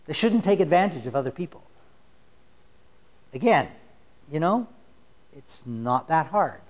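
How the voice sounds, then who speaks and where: A man's voice: on the high side, big pitch swings, measured pace. A man preaching a sermon, conversational and wry, reading scripture passages with rising force. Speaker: pastor.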